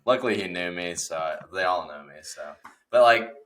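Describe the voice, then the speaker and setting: A young man co-hosting a podcast, joking in casual chat with sudden animated swings. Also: low-pitched, moderate pace. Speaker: podcast co-host.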